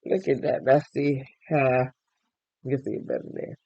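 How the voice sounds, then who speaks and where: A tired, yawning man hosting a crochet and knitting podcast, chatting casually as he shows his items to viewers and thinks out loud. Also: medium pitch, moderate pace, gravelly, no echo, highs cut off. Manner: chatty, thinks aloud, addresses viewers directly. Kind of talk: casual show-and-tell chat.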